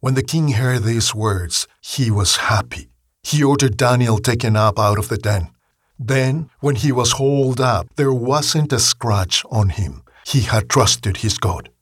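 A man reading a Bible story aloud in a slow, measured storytelling manner. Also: mid-range voice, dry recording, studio quality. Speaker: narrator. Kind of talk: scripted Bible story narration.

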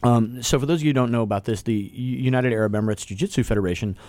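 A man's voice: medium pitch, rapid-fire, darkish tone, dry recording. A man hosting a casual local radio show, talking loosely with restarts and easy laughs. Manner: rambling, restarts, laughs easily.

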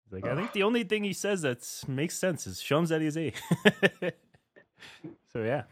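A man's voice: a little high, very animated, moderate pace, fairly bright tone, slight background noise. A man co-hosting a podcast in casual chat, jokey, laughing often and swearing. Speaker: podcast co-host.

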